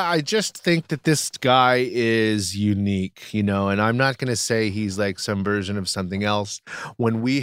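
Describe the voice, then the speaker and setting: A man co-hosting a podcast, riffing in a casual comedic chat with animated, mock-outraged rants. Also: fairly low pitch, clean tone, dry recording, clean studio sound. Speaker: podcast co-host.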